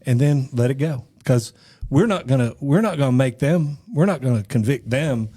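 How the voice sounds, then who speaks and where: A man co-hosting a podcast in casual chat, animated and often repeating words as he starts a thought. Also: mid-range voice, normal speed, breathy edge. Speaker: podcast co-host.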